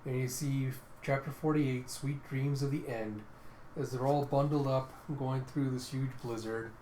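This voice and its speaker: A man walks through a comic page by page in a loose, rambling play-by-play. His pitch sits in the ordinary male middle, and the room adds a noticeable echo with a faint hiss. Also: fairly even intonation, a little slow, warm tone. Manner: casual, rambling play-by-play with fillers. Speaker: comic readthrough host. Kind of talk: casual comic narration.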